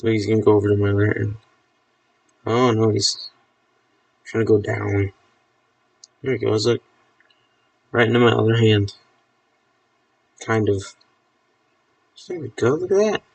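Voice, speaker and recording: A man's voice: lowish voice, unhurried, gravelly, pauses often, dry recording, recorded from a distance. Chatty male streamer, a bit off-mic. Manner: chatty, amused, talks to his pet snake. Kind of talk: casual live-stream chat.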